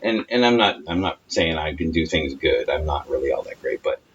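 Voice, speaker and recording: Low-voiced man, casual podcast banter. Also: animated, fairly quick, fairly bright tone. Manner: swears freely, acts out quoted voices animatedly. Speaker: podcast co-host. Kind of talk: casual chat. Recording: dull lo-fi sound with faint noise.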